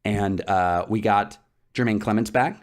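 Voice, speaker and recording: A man co-hosting a podcast, chatting casually and excitedly about a TV episode. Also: on the low side, unhurried. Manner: excitable, animated storytelling. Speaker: podcast co-host. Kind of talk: casual chat.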